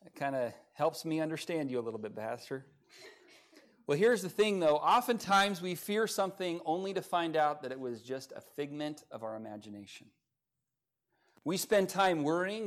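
A man preaching as pastor at a church service, with folksy humor, swinging from quiet asides to loud, rising passages. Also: on the high side, lively intonation, moderate pace. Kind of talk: sermon.

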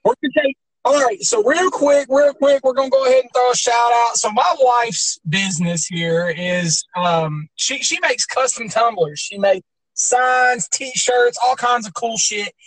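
A man's voice: extremely high pitch, measured pace, fairly bright tone, no echo, low-quality recording. A man co-hosting a podcast, telling stories in rambling, profane casual chat with lots of fillers. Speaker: podcast co-host.

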